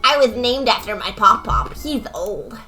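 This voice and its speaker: A woman voicing a goofy, dim young male student, loud and dopey for a game. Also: fairly high pitch, expressive, unhurried, faint music behind.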